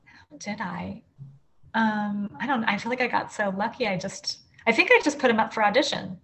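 Chatty woman author, animated and loose. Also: mid-range voice, moderate pace, vocal fry, a little hiss or hum. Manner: chatty, full of "like" and restarts, animated. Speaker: author guest. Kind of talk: casual interview chat.

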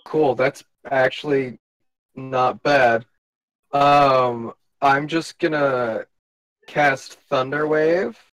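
A man playing a tabletop game, talking slowly and hesitantly, thinking aloud with many fillers. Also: medium pitch, steady tone, fairly bright tone, low-quality recording. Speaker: player.

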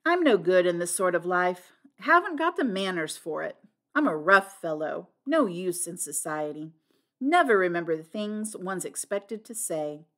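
A rough, taciturn middle-aged hunter in an audiobook, read by a woman, clipped and plain-spoken. His short phrases come out blunt and awkward, with little to say. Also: lowish voice, animated, normal speed, a bit bright. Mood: gruff, awkward. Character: gruff, awkward middle-aged male hunter, few words.

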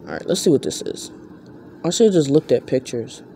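A woman vlogs from bed late at night. She talks in rambling, self-interrupting chatter, then jumps into a high baby voice for her pet. A faint hiss sits under the recording. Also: huge pitch swings, normal speed, warm tone. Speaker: vlogger. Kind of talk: casual late-night vlog.

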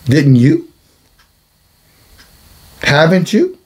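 His husky voice on the high side, the watchman preacher swoops wildly in pitch and draws out his words. The monologue is a blunt, scolding sermon with phrases repeated for emphasis.

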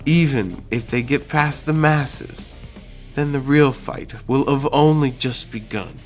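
A man voicing a sly young vampire villain who is the hero's uncle, talking in a silky, calm, gloating way. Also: mid-range voice, takes it slowly, faint music behind, voice pushed up, natural voice.

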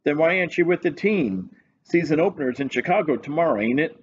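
A man's voice: on the high side, lively intonation, quick pace, pitched above the performer's own voice, lightly acted. A chubby, unbothered police sergeant with a folksy, ungrammatical drawl, as a man reads him in a raised voice. He sounds offhand and indifferent, a storybook lawman. The recording is dull with a faint hiss.

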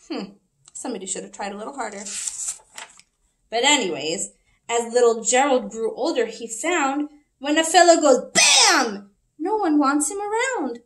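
Woman librarian for kids' storytime, high lively voice, unhurried read-aloud. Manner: animated, asks children questions. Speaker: children's librarian.

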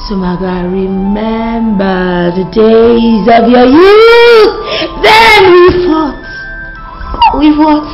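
A loud, gossipy Nigerian chatterbox. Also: female voice, fairly high pitch, extremely slow, lo-fi sound, over music, heavily acted. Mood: excitable. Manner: excitable, boisterous, bursts into shouts. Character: loud gossipy young woman, a restless talker. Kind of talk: film drama acting.

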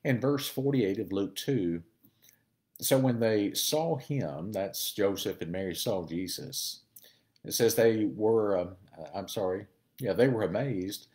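A man giving a conversational Bible lesson, explaining verses and thinking aloud with pauses and fillers. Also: on the low side, darkish tone. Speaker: Bible teacher. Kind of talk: sermon-style Bible teaching.

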